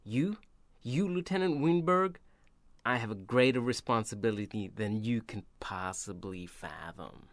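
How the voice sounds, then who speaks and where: A man doing an impression of a stern, menacing older military officer, speaking slowly and quietly. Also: no echo, lightly acted. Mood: grave, menacing. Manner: slow, low, measured, quiet delivery. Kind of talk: film-quote impression.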